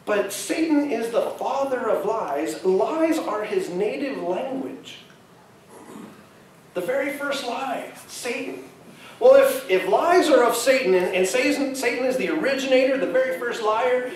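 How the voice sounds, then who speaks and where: Animated and measured, a high-pitched male preacher talks conversationally to his congregation, asking them questions during a sermon. The sanctuary is echoey, the mic is distant, and there's slight background noise.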